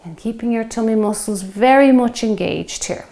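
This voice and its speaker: A woman's voice: a little high, normal speed, creaky, dark tone. A woman, leading a home workout and coaching encouragingly while exercising, a bit out of breath. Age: 50s. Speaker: fitness instructor. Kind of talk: guided workout instruction.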